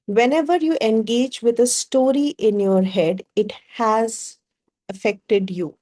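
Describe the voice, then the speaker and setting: A woman's voice: on the high side, slow pace, mellow. A woman with a Bengali-inflected Indian English accent, leading a group workshop as facilitator and working through ideas with rhetorical questions.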